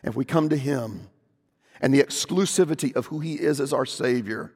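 A man preaches a sermon in a mid-range voice, building into loud, emphatic proclamation when he quotes scripture. He speaks in a church sanctuary, and a long reverb trails every phrase. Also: mid-range voice, normal speed, slightly rough. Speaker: pastor.

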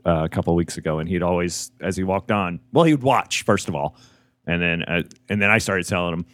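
A man, a comedian, chatting casually in a hotel room in a relaxed way. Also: low-pitched, fairly quick, dry recording. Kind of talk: casual chat.

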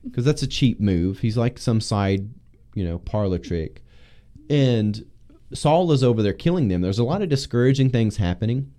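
A man leading a casual Bible discussion as pastor, teaching with animated emphasis. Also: medium pitch.

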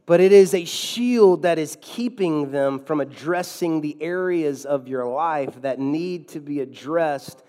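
A man's voice: a little high, darkish tone, in a large hall. A man preaching a sermon as a pastor in a church, emphatic, with sudden drops and swells in his delivery.

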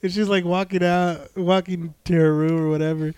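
High-voiced man telling rambling stories. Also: little pitch movement, normal speed, darkish tone, smooth, no echo. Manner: rambling storyteller, swearing heavily. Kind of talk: casual chat.

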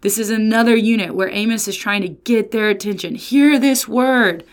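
A woman pastor giving a casual Bible lesson, lively and often slipping into sarcastic quoted voices. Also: medium pitch, brisk. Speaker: pastor and resident theologian.

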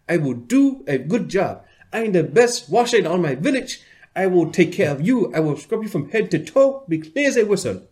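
An overeager male nurse with an African accent, put on by a man telling a story. He talks high and loud, pushy and boastful. He won't take no for an answer. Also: big pitch swings, moderate pace. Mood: insistent. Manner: pushy, boastful and overly eager. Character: eager, insistent male hospital nurse.

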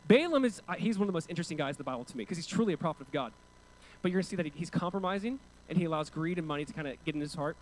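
A male pastor delivers a sermon at a quick clip, his voice sitting high for a man. He tells the scripture story with animated energy, acting out the characters and asking the congregation to repeat key words. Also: low-quality recording. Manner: emphatic preaching with call-and-response.

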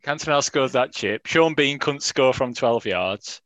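A man's voice: medium pitch, expressive, measured pace, fairly bright tone, no room sound. A man, teasing his friends with wry banter on a casual football fan podcast. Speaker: podcast co-host.

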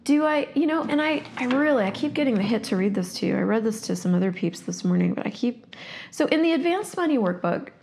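A woman's voice: on the high side, expressive, fast, gravelly, darkish tone, slight background noise. A woman hosting her own show, giving an emphatic, motivational solo talk and swearing freely as she makes her points. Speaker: host and certified facilitator.

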